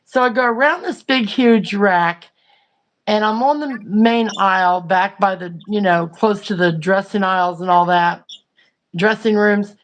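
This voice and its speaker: A woman's voice: medium pitch, measured pace. A woman, hosting a livestream and chatting through a funny story with lots of fillers. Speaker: livestream host. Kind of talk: casual storytelling chat.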